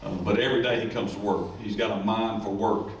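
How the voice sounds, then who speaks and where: A man, a high school football coach giving a rambling, joking ceremony speech. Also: little pitch movement, fairly quick. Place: school event room. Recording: echoey room, distant mic, faint noise.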